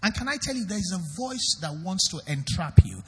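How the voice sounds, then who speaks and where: Husky, high Nigerian pastor preaching. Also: male voice, very animated, fairly quick, sharp tone, long reverb tail. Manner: emphatic, questions the congregation directly. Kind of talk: sermon.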